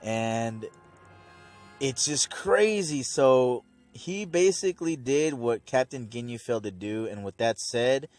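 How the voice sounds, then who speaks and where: A man casually recapping an episode in a rambling, excitable way. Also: mid-range voice, slow, soft background music. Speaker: channel host.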